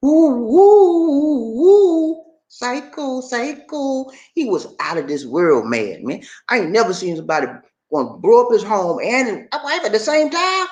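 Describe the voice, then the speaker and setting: A man hosting animated, joking commentary on a news story, talking straight to his audience and repeating himself. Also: sits high, fairly quick. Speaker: host.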